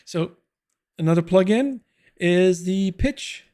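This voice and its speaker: A man with a slightly raised pitch walks through software features in a loose, rambling way, full of "uh"s and restarts. He records at home on a close desk broadcast mic. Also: takes it slowly. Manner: rambling, many fillers and restarts. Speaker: tech reviewer. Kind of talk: casual software tutorial.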